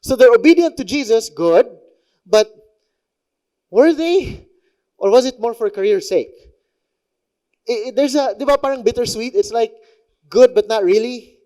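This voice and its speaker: A man's voice: extremely high pitch, animated, unhurried, long pauses, dark tone. A young man with a Filipino accent preaching a sermon in a chatty, conversational way, mixing in local phrases. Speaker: pastor.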